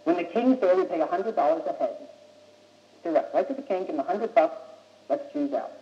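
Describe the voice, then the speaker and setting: Young American man, high voice, blunt and insistent talker; old muffled tape in an echoey room. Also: expressive, brisk, warm tone. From United States. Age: young adult. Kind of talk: impassioned speech.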